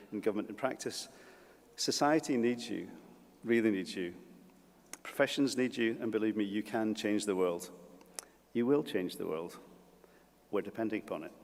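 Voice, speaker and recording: A man giving a humorous graduation speech as college principal, with halting restarts, at a lectern in a large hall. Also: on the low side. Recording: long reverb of a large hall.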